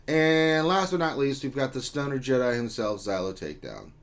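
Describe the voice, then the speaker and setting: A man's voice: medium pitch, lively intonation, normal speed. A man hosting a casual gaming livestream, reading out chat greetings in a joking, rambling way with lots of fillers. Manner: joking, rambling, with many ums and uhs. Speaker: livestream host.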